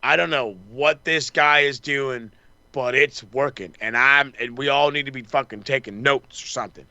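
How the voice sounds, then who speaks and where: A man's voice: medium pitch, normal speed, bright, forceful tone, dry recording, muffled recording. A man co-hosting a wrestling podcast, rambling through a casual recap, swearing freely and acting out the wrestlers' lines. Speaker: podcast co-host.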